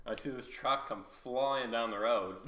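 A man's voice: medium pitch, measured pace, sharp tone. Laughing man telling a drunken story. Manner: rambling, laughing, heavy swearing, quotes himself. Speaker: podcast guest. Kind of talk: casual storytelling. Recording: echoey room, background noise.

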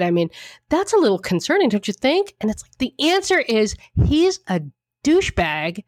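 A woman's voice: lowish voice, expressive, brisk, no echo, studio quality. A woman co-hosting a casual talk show, blunt and emphatic, swearing freely as she gives her opinions. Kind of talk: casual chat.

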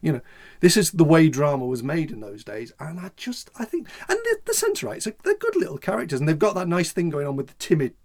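A man's voice: fairly high pitch, huge pitch swings, fast, darkish tone. Man, podcast co-host, casual chat, rambling, many restarts. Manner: rambling, full of restarts and "you know".

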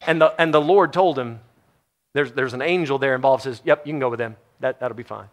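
A man preaching a sermon, telling Bible stories in an animated way, acting out the quotes and laughing often. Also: mid-range voice, a little fast.

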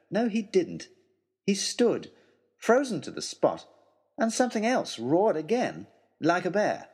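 Man, audiobook narrator, gravelly husky voice, lively dramatic storytelling. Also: a little high.

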